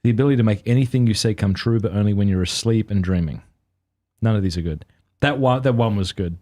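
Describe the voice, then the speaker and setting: A man hosting a podcast in casual chat, playful and quick to laugh. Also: lowish voice, mellow. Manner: playful, laughs often while telling jokes. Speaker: podcast host.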